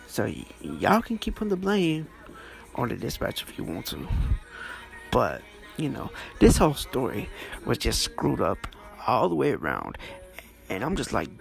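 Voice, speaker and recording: Man, casual storytelling, blunt, swears a lot, lively up-and-down delivery, faint music behind. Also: normal speed, vocal fry, pauses often. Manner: blunt, swears freely, wide swings in pitch. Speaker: storytelling vlogger.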